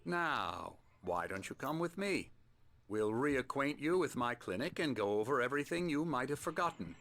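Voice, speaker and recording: A smooth, patronizing psychiatrist. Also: male voice, mid-range voice, big pitch swings, fairly bright tone. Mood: calm persuasive. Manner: soothing, measured, condescending. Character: calm, patronizing middle-aged male psychiatrist.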